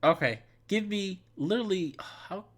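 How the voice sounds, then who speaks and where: Animated man reading a visual novel. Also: sits high, unhurried. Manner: animated, stumbles over a name, easily flustered. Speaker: game reader.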